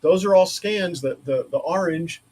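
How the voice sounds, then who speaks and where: Husky man rambling through a shop stream. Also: on the high side, normal speed, a little mellow. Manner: rambling, thinking aloud while working. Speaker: maker streaming a laser-cut build. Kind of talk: casual livestream chat. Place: home woodworking shop.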